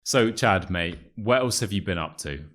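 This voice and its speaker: A man's voice: low voice, expressive, normal speed, fairly bright tone. A British man hosting a casual English lesson video, joking and matter-of-fact, with British slang. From United Kingdom. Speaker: English teacher, YouTube host.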